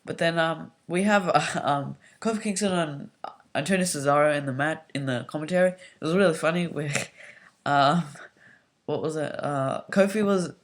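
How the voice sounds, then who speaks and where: A YouTuber casually recapping a wrestling show, talking in a rambling, hesitant way full of um and like, and getting loud and excitable when worked up. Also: mid-range voice, normal speed.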